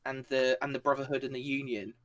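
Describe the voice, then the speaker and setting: A man's voice: medium pitch, flat delivery, fast, fairly bright tone, highs cut off. A man narrating a tabletop game as game master, rambling with many fillers and laughing along. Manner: rambling, filler-heavy, laughing, acts out characters.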